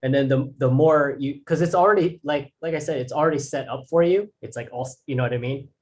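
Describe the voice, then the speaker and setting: A man's voice: fairly high pitch, quick pace, a little hiss or hum. A man teaching drawing in a casual, rambling way, restarting sentences and using fillers. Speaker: art instructor.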